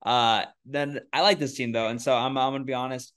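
Male podcast co-host, mid-pitched, loose and rambling, quick to laugh at himself. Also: fairly even intonation, a bit bright, clean tone. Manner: rambling and self-deprecating, with frequent restarts. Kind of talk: casual sports chat.

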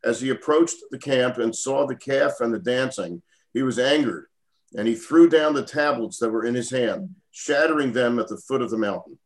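A man, a student in a class, reading scripture aloud in a steady, plain way. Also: medium pitch, normal speed, poor audio.

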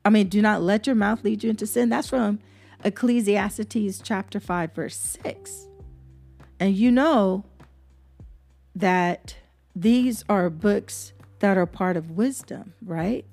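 Slow, earnest woman podcast host preaching. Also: mid-range voice, vocal fry, darkish tone, faint music behind. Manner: earnest, preacherly, repeats herself for emphasis. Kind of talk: devotional podcast talk with scripture reading.

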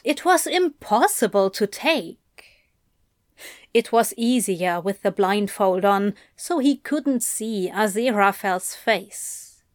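A woman reads a story aloud in an unhurried, expressive way, with a lively, rising and falling voice set slightly higher than most. The recording is close and dry, with no room sound. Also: no room sound. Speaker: narrator. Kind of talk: audiobook narration.

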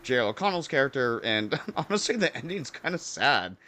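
A man's voice: medium pitch, big pitch swings, brisk, pushed and bright. A young man riffs loosely through a casual film review, drifting between points with plenty of filler. He swears freely and breaks into laughter often. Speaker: podcast co-host. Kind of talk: casual movie review chat.

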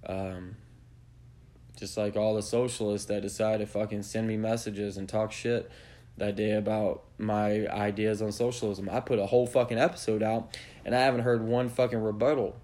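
A man's voice: fairly low pitch, level tone, normal speed, mellow. A man hosting a podcast, delivering a blunt, profanity-heavy rant that lectures his listeners. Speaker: podcast host. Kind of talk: opinionated rant.

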